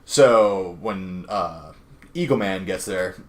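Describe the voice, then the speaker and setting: A man's voice: sits low, slow pace. Young male podcast host, loose filler-heavy comic recap, quotes characters in passing. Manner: rambling, filler-heavy, acts out characters' lines. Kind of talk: casual chat recapping a comic.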